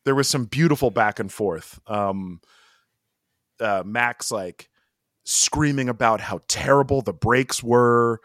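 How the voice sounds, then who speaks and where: A man's voice: medium pitch, slow, a bit bright, no echo, studio quality. A man co-hosting a podcast, chatting in an amused, rambling way full of asides. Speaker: podcast co-host. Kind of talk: casual chat.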